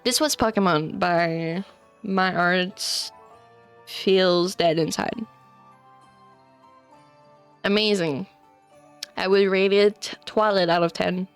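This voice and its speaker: A woman's voice: lowish voice, steady tone, slow pace, pauses often, clear, resonant tone, soft background music. A woman streamer casually reading fanfiction aloud to her chat, giggling and rambling with many fillers.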